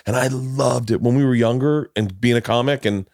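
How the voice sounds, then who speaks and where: A man hosting a podcast in casual chat, telling stories in an animated way with frequent swearing and laughter. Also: mid-range voice, moderate pace, dry recording, clean studio sound. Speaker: podcast host.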